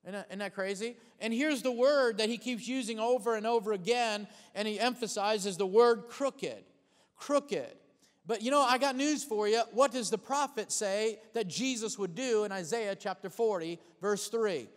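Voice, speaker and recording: High-voiced man preaching in a reverberant hall. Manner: preaching with call-and-response, repeating phrases; shifts between fast bursts and slow emphatic lines. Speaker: pastor. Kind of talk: sermon.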